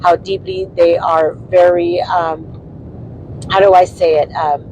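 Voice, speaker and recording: A man's voice: high-pitched, level tone, slow pace, darkish tone, highs cut off, slight background noise. A man co-hosting a casual chat, rambling with many fillers and laughing easily. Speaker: co-host, spouse of the host.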